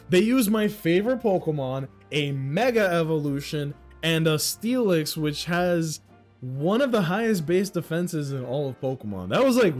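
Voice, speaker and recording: A young man streaming a game, excitable and joking with his chat, swearing freely. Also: sits high. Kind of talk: casual gaming commentary.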